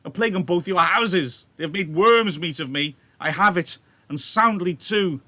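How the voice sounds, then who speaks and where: A man voicing a wounded young male swordsman, bitter and mocking, loud and cursing as he reads the scene aloud. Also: high voice, moderate pace, dry recording, voice pushed up. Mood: bitter, raging.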